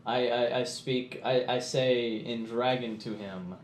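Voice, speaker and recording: A man's voice: medium pitch, fairly even intonation, a little slow, a little hiss or hum. Hesitant, curious male gamer. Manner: inquisitive, hesitant. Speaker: player. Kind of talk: tabletop game chat. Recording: echoey room.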